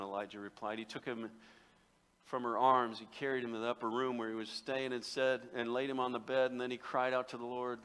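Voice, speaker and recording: A man's voice: medium pitch, normal speed, bright, forceful tone. A man preaching a sermon as pastor, telling the story conversationally with humor and rhetorical questions. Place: church sanctuary. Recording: long reverb in a church.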